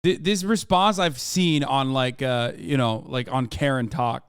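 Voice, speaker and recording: Crisp-voiced man ranting in casual commentary. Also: medium pitch, no room sound, clean studio sound. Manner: rambling, profane, quick asides. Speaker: streamer reacting to an interview.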